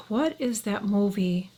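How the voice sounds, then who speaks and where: A middle-aged woman talks to her viewers in a loose, chatty way, blunt and unfiltered. Her voice sits at an ordinary middle pitch, and she often drops into a soft, breathy near whisper. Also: slow pace, background noise. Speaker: beauty vlogger. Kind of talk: casual chat to camera.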